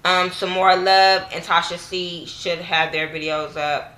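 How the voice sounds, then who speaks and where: Young woman vlogger, AAVE speech, blunt and profane, bright forceful tone, casual recap. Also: steady tone, unhurried, roomy sound. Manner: blunt, cussing, acts out quotes with raised pitch. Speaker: YouTube TV reviewer.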